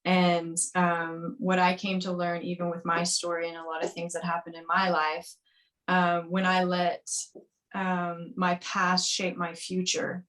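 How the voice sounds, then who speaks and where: Woman physician guest, candid podcast chat, animated, acts out quotes, slightly low voice. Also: unhurried. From grew up on a farm.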